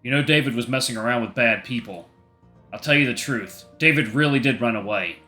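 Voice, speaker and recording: A man's voice: mid-range voice, a little fast, sharp tone, faint music behind, lightly acted. A man reading an earnest, protective young boyfriend. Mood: pleading.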